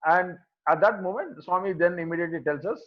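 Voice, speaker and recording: A man's voice: high-pitched, fairly quick, lo-fi sound. A man in his fifties with a Telugu-flavoured Indian accent, telling a devotional story at a satsang and acting out the voices of the people in it, over an online call. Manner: animated, acts out the voices of people he quotes. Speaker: devotee sharing memories at a satsang. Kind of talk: storytelling talk.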